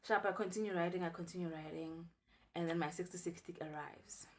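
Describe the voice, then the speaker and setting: A young South African woman telling a personal story for her vlog in an animated, dramatic way. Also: lowish voice, fairly quick. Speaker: vlogger.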